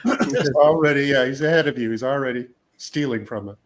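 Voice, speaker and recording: A man's voice: mid-range voice, fairly quick. A man who inks comics, co-hosting a casual chat, reading viewer questions and teasing the others. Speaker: comic inker and co-host.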